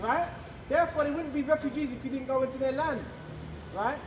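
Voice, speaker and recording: Man preacher, very high voice, emphatic and repetitive, echoey room. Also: fairly quick, highs cut off, background noise. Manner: emphatic, repetitive, rhetorical questions. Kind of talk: street-style scripture teaching.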